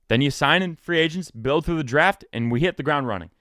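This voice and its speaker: This is a brisk, studio-clean recording with no echo. A twenty-something man runs his own sports podcast, chatting loosely and cracking jokes in an animated way, his pitch leaping whenever he wants to stress a point.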